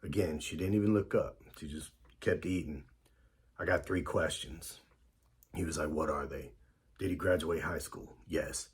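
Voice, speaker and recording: A man's voice: very deep voice, moderate pace, slightly rough. A man casually telling a story about his past, full of fillers and quoted back-and-forth dialogue.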